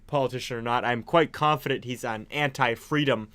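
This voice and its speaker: A man's voice: mid-range voice, fairly quick, fairly bright tone, clean tone. A young man co-hosting a casual political chat, talking in a chatty, hedging way and laughing often. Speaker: co-host.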